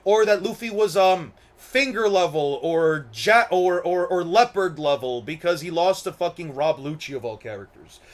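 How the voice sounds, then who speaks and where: A man's voice: sits high, animated, moderate pace, hardly any pauses. A young man hosting an anime commentary channel, ranting casually, rambling, repeating words and swearing. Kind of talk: casual opinion rant.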